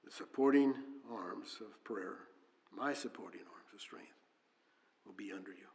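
A man's voice: fairly low pitch, unhurried, gravelly, darkish tone. A man preaching a sermon with earnest delivery, reading scripture aloud and often restarting with fillers. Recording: long hall reverb.

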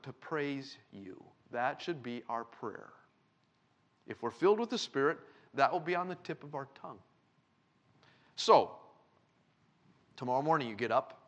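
A man preaching a sermon, a father with a young daughter, reading scripture slowly and loudly and talking in an animated way. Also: on the high side. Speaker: pastor.

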